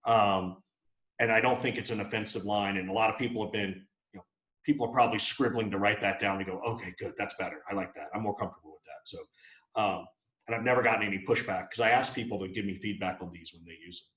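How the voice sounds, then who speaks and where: A man's voice: on the low side, fairly even intonation, fast talker, a bit bright, reverberant, low-quality recording. A man giving a live sales training, talking bluntly and casually with plenty of fillers. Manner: blunt and conversational, with many fillers. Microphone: video call.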